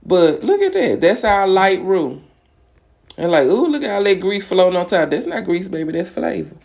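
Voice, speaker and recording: In a lowish, darkish voice with vocal fry, a woman with a Louisiana accent chats sassily and coaxingly while showing how to cook a recipe at home. She speaks at a moderate pace with a sing-song lilt as a pan sizzles faintly nearby.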